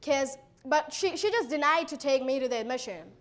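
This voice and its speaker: Teen girl w indian accent, high bright voice, motivational story talk. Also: normal speed. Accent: Indian English. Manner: animated, acts out quoted exchanges. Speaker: motivational speaker.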